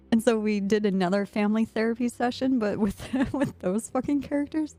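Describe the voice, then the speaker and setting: A woman's voice: a little high, fairly even intonation, normal speed, warm tone. A woman streamer chatting casually while gaming, telling a rambling story and laughing often. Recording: faint music behind.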